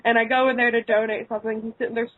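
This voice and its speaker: A woman's voice: a little high, little pitch movement, rapid-fire, no echo. A woman chatting casually on a podcast panel, gushing about game characters. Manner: gushing, giggly. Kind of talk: casual group chat. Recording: phone-like call audio.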